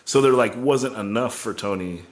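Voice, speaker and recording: A man's voice: medium pitch, moderate pace. A man in casual podcast chat, rambling through a tour story with constant "like" fillers.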